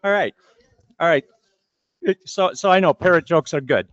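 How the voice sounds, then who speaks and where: A man's voice: on the high side, moderate pace, fairly bright tone, dry recording, muffled recording. A man giving opening remarks as master of ceremonies at a breakfast meeting, chatty and rambling, often repeating words.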